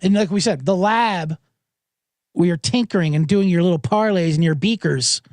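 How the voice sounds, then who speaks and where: A man's voice: high voice, normal speed, darkish tone, dry recording, studio quality. A middle-aged man hosting a podcast, ranting in a sarcastic comedic monologue and swearing freely. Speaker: podcast host.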